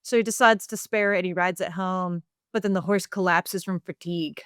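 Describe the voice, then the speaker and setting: A woman co-hosting a casual podcast, spinning a silly story with plenty of "like" and "um." Her voice is smooth and clear, recorded dry on a close mic. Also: on the low side, fairly even intonation, brisk, fairly bright tone, dry recording. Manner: playful storytelling, lots of fillers. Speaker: podcast co-host. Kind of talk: casual chat.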